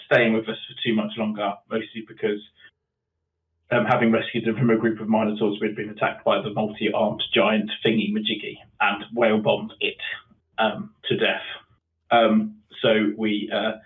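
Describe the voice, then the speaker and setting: A man, a tabletop game player recapping the last session in a hesitant way, full of ums and restarts. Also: on the low side. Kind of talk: casual chat over a voice call. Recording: tinny phone-like call audio.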